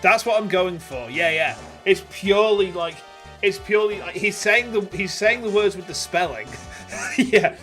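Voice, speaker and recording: A man's voice: high voice, moderate pace, pushed and bright. A man streaming a game, giving chatty, casual commentary and laughing often. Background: game music.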